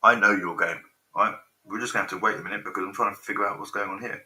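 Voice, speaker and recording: A man in his forties hosts a live stream, rambling, swearing freely and getting distracted by technical snags. His voice sits lowish but sounds piercingly sharp and tense. It rings in an echoey room. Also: steady tone, fast. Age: 40s. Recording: roomy echo.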